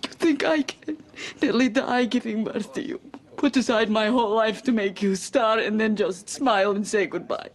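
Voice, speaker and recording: A woman's voice: on the high side, moderate pace, lightly acted. An actress playing a clinging immigrant stage mother who speaks broken English and pleads emotionally with her daughter. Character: strong-willed immigrant stage mother, older. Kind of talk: TV movie drama.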